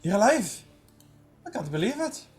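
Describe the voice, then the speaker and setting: A man's voice: medium pitch, a little slow, a little mellow, soft background music, natural voice. A man voicing a harried female town leader who gushes and repeats herself. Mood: overjoyed.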